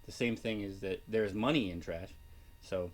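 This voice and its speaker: A man chatting casually as a guest, explaining things quickly and joking along. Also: lowish voice. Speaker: guest reseller. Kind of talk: casual chat.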